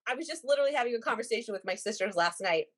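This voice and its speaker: A woman in her forties, a podcast guest telling stories in casual chat, animated and often laughing. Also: fairly high pitch, rapid-fire, noisy background. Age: 40s.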